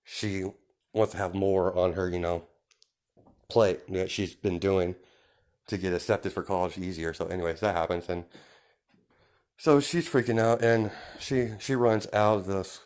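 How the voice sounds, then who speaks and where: A man's voice: low voice, fairly even intonation, normal speed, a little mellow, clean tone. A man casually improvising a fan story, rambling with many fillers and restarts.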